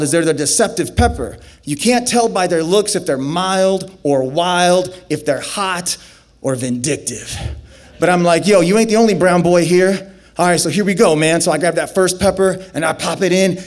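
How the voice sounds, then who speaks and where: Young guy telling a story on stage, kinda high voice, acts out the dialogue big and loud. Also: moderate pace. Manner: animated, acts out dialogue with big swings into high excited shouts. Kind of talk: personal story told on stage.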